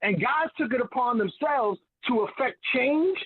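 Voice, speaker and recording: A man co-hosting a call-in talk, quick to laugh and swearing as he makes his point. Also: extremely high pitch, expressive, breathy edge, no echo. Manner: fast-talking, laughs often, swears. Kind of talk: casual panel chat. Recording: tinny phone line.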